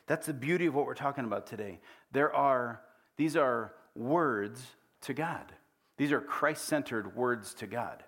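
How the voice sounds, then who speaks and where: A man's voice: mid-range voice, a little slow, a bit bright. A middle-aged man preaching a sermon in a church, conversational and often putting questions to the congregation. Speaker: pastor.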